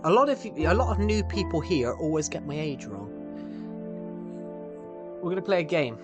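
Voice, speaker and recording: A man's voice: on the high side, animated, moderate pace. A man in his twenties with a British accent, rambling and chatty as he answers viewer comments during a game stream. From United Kingdom. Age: 20s. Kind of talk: live-stream chat while gaming. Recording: background music under the voice.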